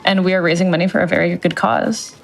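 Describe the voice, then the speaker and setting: A woman's voice: lowish voice, fairly even intonation, quick pace, vocal fry, soft background music. A woman co-commentating on a live stream with playful, joking banter. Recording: voice a bit off-mic.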